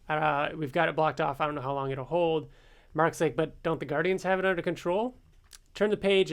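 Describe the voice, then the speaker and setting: A man with a fairly high voice talks through a comic issue page by page. He fills his pauses with ums and uhs and keeps it loose and chatty. He sounds like a regular co-host on a fan podcast. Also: smooth. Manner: summarizes plot with many ums and uhs. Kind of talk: casual comic recap chat.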